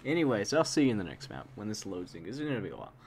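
Racing and very animated, this young man delivers live gameplay commentary in a lowish voice, muttering, reacting and repeating phrases while he plays. Game gunfire and explosions are loud behind his voice, and there's background noise.

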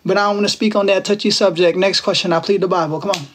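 High-voiced playful young man on a livestream. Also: fairly even intonation, fast talker, a bit bright, a little hiss or hum. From Texas. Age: 20s. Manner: playful, teasing, slangy banter. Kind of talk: casual live-stream chat with viewers.

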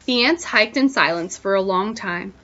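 A woman teacher reading a picture book aloud, pausing to wonder aloud to her listeners, on a dull lo-fi recording. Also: mid-range voice, animated, noisy background.

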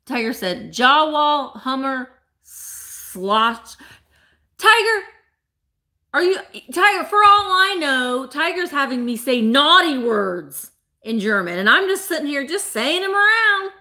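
A woman's voice: high-pitched, very animated, measured pace, sharp tone. A woman hosting a live online sale, chatting playfully with viewers by name and laughing often. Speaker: live-sale host selling vintage items. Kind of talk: casual live-stream auction chat.

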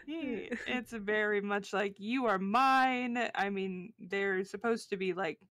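A woman's voice: mid-range voice, measured pace, fairly bright tone, dry recording. A woman co-hosting a casual book podcast on a livestream, playful and giggly, with goofy slang and names she mangles on purpose. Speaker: podcast co-host.

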